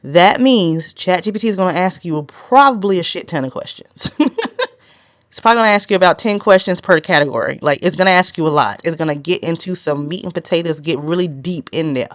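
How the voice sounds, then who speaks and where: A woman's voice: on the low side, lively intonation, a little fast, no room sound. A woman hosting a solo podcast as a business consultant, chatty and direct, with laughing asides. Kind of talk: casual solo podcast teaching.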